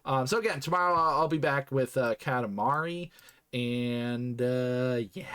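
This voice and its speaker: Medium in pitch, smooth and a bit bright, this man keeps a measured pace. As the host of a podcast stream, he wraps up with a goofy, joking, meandering goodbye, all casual live-stream chatter.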